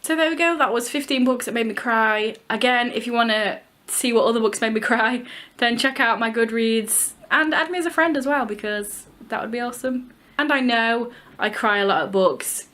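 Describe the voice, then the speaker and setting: Young woman book vlogger, slightly high voice, chatty and emphatic, casual swearing. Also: normal speed, hardly any pauses, fairly bright tone. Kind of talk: casual book review chat.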